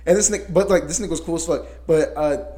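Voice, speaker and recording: A man telling a story in casual chat as a podcast co-host, animated and profane, often laughing. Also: on the high side, fast.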